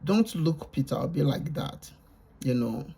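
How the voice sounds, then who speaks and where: A man's voice: fairly high pitch, lively intonation, unhurried, gravelly, mellow, breathy edge. A Nigerian man giving casual reaction commentary, lecturing and repetitive, mixing Pidgin with English. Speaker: reaction vlogger.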